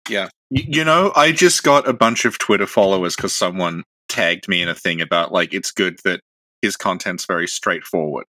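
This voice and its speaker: A man's voice: low voice, normal speed, bright, forceful tone, no echo. A man co-hosting a podcast in casual chat, explaining things and teasing his co-host with dry humor.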